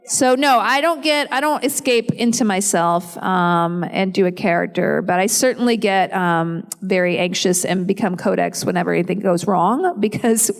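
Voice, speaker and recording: A woman's voice: mid-range voice, moderate pace, hardly any pauses. A woman in her forties answering fan questions at a convention panel, chatty and self-deprecating, laughing often. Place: large convention hall. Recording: long hall reverb.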